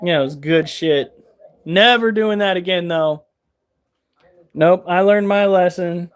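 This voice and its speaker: A man casually telling a pet vlog audience an animated story and swearing freely as he goes. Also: sits high, slow pace, smooth. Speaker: pet keeper and vlogger.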